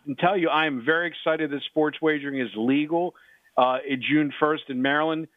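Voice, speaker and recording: A middle-aged man, a sports betting handicapper, talking excitedly on sports radio, repeating himself and talking over the others. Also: fairly high pitch, no echo. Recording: dry tinny phone line.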